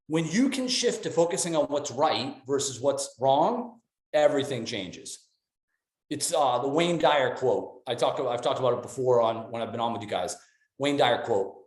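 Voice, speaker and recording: A middle-aged man speaks with a slightly higher voice than most men and gives an upbeat motivational talk on a live call. He is enthusiastic and animated and slips into quick voices for the quotes he acts out. The room around him is echoey.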